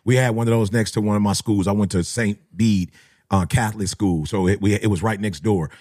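A middle-aged man, a motivational speaker who tells stories in slangy talk and acts out other people's voices. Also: a little fast. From Detroit area. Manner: animated, slangy, acts out voices with big pitch jumps. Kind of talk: storytelling talk.

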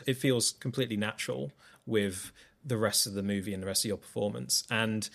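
A man's voice: fairly low pitch, fairly even intonation, vocal fry, a bit bright. A man interviewing an actor, asking friendly, enthusiastic questions in a casual chat. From half Welsh. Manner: quick, friendly questions, lots of hmms.

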